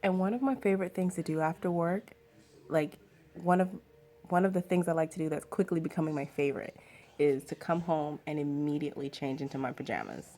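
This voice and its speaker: A woman's voice: low voice, animated, brisk, dark tone. A young woman vlogging at home in a casual, rambling chat with lots of fillers.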